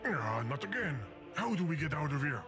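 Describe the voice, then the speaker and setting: A fretful, pleading game program. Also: male voice, a little high, big pitch swings, moderate pace. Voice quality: odd foreign-sounding accent. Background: game music.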